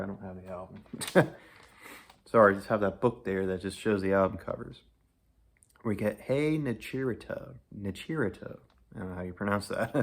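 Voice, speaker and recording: A man's voice: lowish voice, a bit bright. A man giving a casual, enthusiastic, rambling album review, laughing often and gushing over songs. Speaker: music reviewer.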